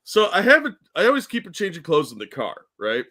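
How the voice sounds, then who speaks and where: A man co-hosting a casual podcast, spinning a rambling, self-deprecating story. His voice sits fairly high and bright and swings through an animated range. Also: fairly quick. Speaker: co-host.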